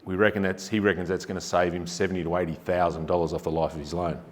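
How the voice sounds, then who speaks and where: An Australian man with a lowish voice gives a casual but emphatic public talk, throwing rhetorical questions at the crowd. His voice carries a long echo from a large hall. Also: flat delivery, quick pace, slight background noise. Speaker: energy efficiency presenter. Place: forum venue hall. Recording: reverberant hall.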